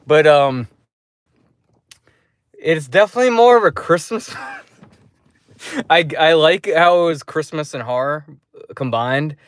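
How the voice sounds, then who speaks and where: A man telling a rambling, profane story in a casual vlog review, with loud re-enacted outbursts. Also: on the high side, animated, takes it slowly, pauses often, smooth, no echo, studio quality. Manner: loose, restarting delivery. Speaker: movie reviewer. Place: dark room.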